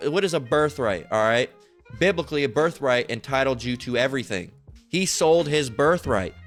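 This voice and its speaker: A man's voice: medium pitch, fairly bright tone. Rambling, profane man teaching scripture. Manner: rambling, repetitive, profane, keeps asking "all right?"; reads scripture aloud slowly. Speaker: Bible teacher. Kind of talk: informal online Bible teaching.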